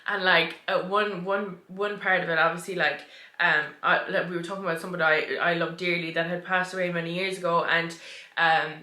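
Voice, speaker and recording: A woman's voice: lowish voice, flat delivery, fairly quick, bright, forceful tone. A young woman co-hosting a podcast, telling a personal story in casual chat and laughing often. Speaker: podcast co-host. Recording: echoey room.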